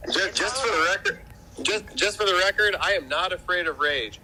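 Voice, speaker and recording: A man's voice: sits high, animated, brisk, pushed and bright, slight background noise, poor audio. A man streaming a mobile strategy game, rambling and joking with his teammates in casual voice chat, often restarting his sentences. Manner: rambling and jokey, with many restarts. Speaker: streamer and alliance player.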